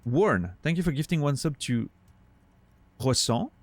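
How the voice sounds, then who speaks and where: A man's voice: fairly high pitch, big pitch swings, a little fast, dry recording. A man streaming live, chatting casually with his viewers and thanking them, on a studio condenser microphone.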